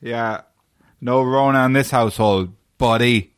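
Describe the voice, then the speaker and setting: A man's voice: mid-range voice, unhurried, clear, resonant tone, dry recording, studio quality. A man hosting a casual podcast, joking around and speaking to the listeners. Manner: jokey, addresses listeners. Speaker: podcast host. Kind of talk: casual chat.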